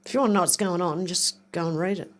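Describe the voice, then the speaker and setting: A woman's voice: fairly low pitch, fast talker. An older woman hosting a casual livestream, reading viewer comments aloud and rambling as she clicks around. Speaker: livestream host.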